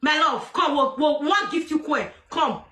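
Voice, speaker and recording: A woman with a Nigerian Pidgin accent hosting a casual livestream, loud and mocking, often laughing and shouting. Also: sits high, expressive, moderate pace. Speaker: livestream host.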